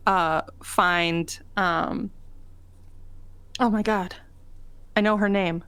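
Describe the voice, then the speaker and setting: Smooth-voiced woman telling a story. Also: lowish voice, steady tone, fairly bright tone, no echo. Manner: enthusiastic, drawn-out storytelling. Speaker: podcast co-host. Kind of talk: casual livestream chat.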